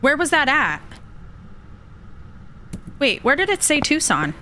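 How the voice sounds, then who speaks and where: Casting note: bright, fairly high-voiced young woman, chatty game streamer, faint hiss behind. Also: big pitch swings, takes it slowly. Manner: chatty, reads chat aloud and greets viewers. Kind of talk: casual live-stream chat while gaming.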